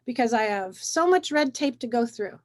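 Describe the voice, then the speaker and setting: A woman hosting a wellness conversation, coaching gently and encouragingly, often repeating phrases to make her point. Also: a little high, animated, moderate pace. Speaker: wellness talk host.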